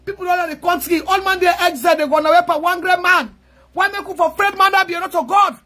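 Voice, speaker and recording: A woman with a Sierra Leonean Krio accent giving a rousing political speech to supporters, fiery and chanting slogans, often shouting. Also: very high voice, fairly even intonation, quick pace. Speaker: political activist addressing supporters.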